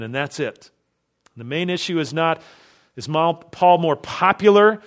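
Man preaching with pressing rhetorical questions. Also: a little high. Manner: emphatic, strings of rhetorical questions. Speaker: pastor. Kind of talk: expository sermon.

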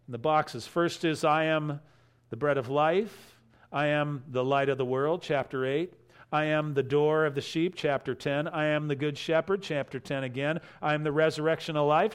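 A man's voice: a little high, fairly even intonation, normal speed, clear, resonant tone. A man preaching a sermon, working through scripture verse by verse and rising in emphasis on key phrases. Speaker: pastor.

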